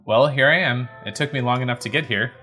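A man's voice: medium pitch, quick pace, sharp tone, faint music behind, lightly acted. A man reading a sarcastic young female elven witch heroine aloud on a game stream, with a snarky, self-mocking manner.

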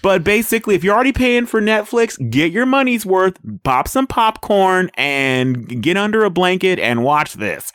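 A man co-hosting a movie trailer podcast, talking in a rambling, animated way and laughing often. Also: high-pitched, moderate pace, hardly any pauses, no room sound, clean studio sound. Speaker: podcast co-host reviewing trailers. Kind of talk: casual chat.

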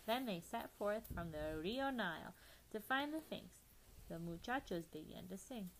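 A woman reading a children's storybook aloud, lively and playful, sometimes dropping to a hushed whisper. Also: mid-range voice, moderate pace, gravelly, slight background noise, rough recording. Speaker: reader.

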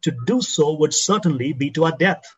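A man preaching a sermon as a pastor, slowing and dropping his voice low to stress key phrases. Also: animated, a bit bright, muffled recording, a little hiss or hum.

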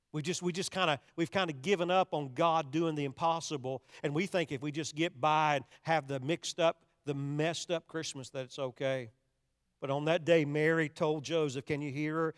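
A man's voice: fairly high pitch, a bit bright. An older man preaching a sermon, telling a story with drama and acting out the voices in it. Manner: dramatic storytelling, acts out quoted voices, repeats words. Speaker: pastor. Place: church sanctuary. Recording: long reverb of a large hall.

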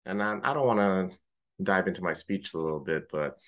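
A man co-hosting a podcast, telling a story in casual chat, animated, swearing freely and mimicking friends in high joking voices. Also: fairly quick. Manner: swears casually, uses gamer slang. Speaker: podcast co-host.

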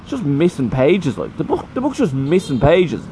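A man's voice: fairly high pitch, moderate pace, low-quality recording. A man hosting a podcast, chatting casually and complaining with lots of swearing while sitting outside at a café in the rain. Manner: sweary, complaining, animated storytelling. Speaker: podcast host. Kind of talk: casual ranting chat. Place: sheltered seat outdoors at a café in the rain. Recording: loud street and construction noise. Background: traffic and construction noise.

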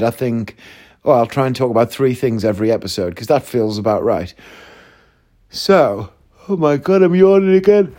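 A man hosting his own podcast in a casual solo monologue. He rambles, thinks out loud mid-sentence and swears freely. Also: mid-range voice. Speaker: podcast host.

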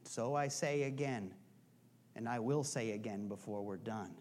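A pastor preaching a sermon in a conversational, joking way, asking rhetorical questions again and again and sometimes dropping to a soft, hushed delivery. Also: medium pitch, big pitch swings, normal speed.

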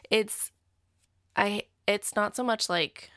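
A woman's voice: low-pitched, expressive, normal speed, a bit bright, no room sound, clean studio sound. A young woman casually telling a personal story, chatty and full of "like". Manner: chatty, fills talk with "like".

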